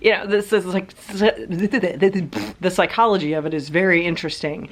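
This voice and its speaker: A woman's voice: fairly low pitch, moderate pace, a little hiss or hum. A woman vlogger chatting casually, rambling with lots of hedges and fillers. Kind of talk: casual chat.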